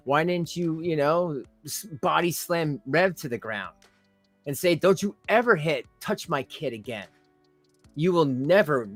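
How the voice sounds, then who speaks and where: A man's voice: fairly high pitch, a bit bright, dry recording. A man hosting a reaction commentary channel, ranting at a streamer with sarcastic, scornful, mocking remarks.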